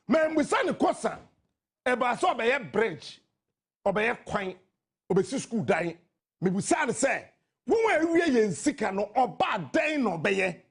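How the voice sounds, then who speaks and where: A man with a Ghanaian accent hosting a radio talk show, delivering impassioned political commentary that mixes English and Twi, often shouting. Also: very high voice, slightly rough. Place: radio studio.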